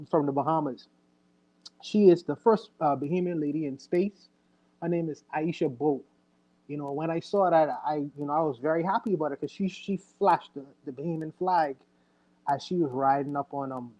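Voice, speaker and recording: A man's voice: fairly high pitch, mellow, poor audio. Rambling, earnest man on a podcast. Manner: rambling, self-correcting, earnest. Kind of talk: casual livestream chat.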